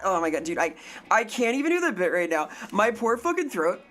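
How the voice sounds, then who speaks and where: A woman's voice: lowish voice, animated, moderate pace, noisy background. A woman streaming live in a casual, silly way, swearing freely, her throat strained from too little sleep.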